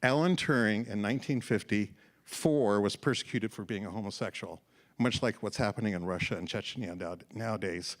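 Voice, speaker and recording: A man's voice: fairly low pitch, normal speed. A man speaking as a conference presenter, explaining slides in an upbeat way to a live audience in an event room. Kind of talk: short-format tech presentation.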